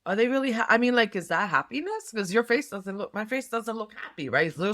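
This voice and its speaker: A woman's voice: a little high, animated, fairly quick, few pauses, a bit bright. Rambling woman tarot reader. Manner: rambling, many fillers and restarts. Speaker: tarot reader and nurse health coach. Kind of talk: casual tarot reading talk.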